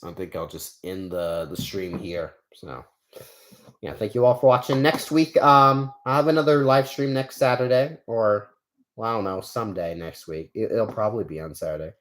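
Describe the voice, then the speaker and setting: A young man chatting on a live stream, his pitch swinging up and down as he talks. He rambles with lots of fillers and restarts, answering viewers in a loose, easygoing way. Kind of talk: casual live stream chat.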